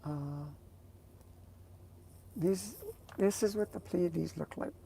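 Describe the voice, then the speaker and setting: A woman's voice: fairly low pitch, slow pace, vocal fry, warm tone, slight background noise. A woman vlogger chatting casually to her viewers, rambling and hesitant as she searches for words.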